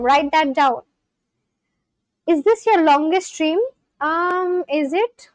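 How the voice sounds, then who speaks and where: A woman who is learning a language hosts a casual live stream, chatting with viewers and reading their comments aloud. Her high-sitting voice is slow with frequent pauses, and she rambles, often stopping, restarting and correcting herself. The recording has no echo but is rough.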